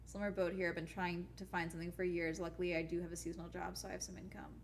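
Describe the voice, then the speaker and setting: A woman's voice: fairly low pitch, level tone, racing, slight background noise. A young adult woman YouTuber chatting casually on a live stream while gaming, ranting bluntly and swearing often.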